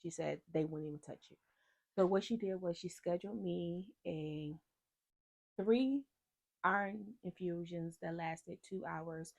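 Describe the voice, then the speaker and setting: Woman vlogger, low and gravelly, casual animated storyteller. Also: measured pace. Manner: animated, acts out quoted people in dialogue.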